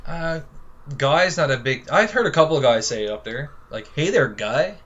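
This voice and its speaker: A man with a Newfoundland accent hosting a casual podcast, easygoing and quick to laugh. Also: mid-range voice, lively intonation, a bit bright. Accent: Newfoundland English. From Newfoundland, Canada. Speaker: podcast host. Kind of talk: casual wrestling podcast chat. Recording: slightly dull audio with faint hiss.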